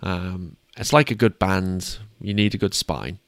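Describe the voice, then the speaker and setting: A man's voice: low-pitched, a little slow, no room sound. A British man co-hosting a casual sports chat, upbeat and self-deprecating. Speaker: podcast co-host.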